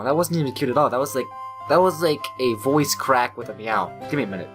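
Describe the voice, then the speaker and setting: Young guy reading a visual novel out loud, cracks jokes in between, middle pitch, quiet game music behind. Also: lively intonation, quick pace. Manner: reads text aloud, breaks off for joking asides. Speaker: let's play host.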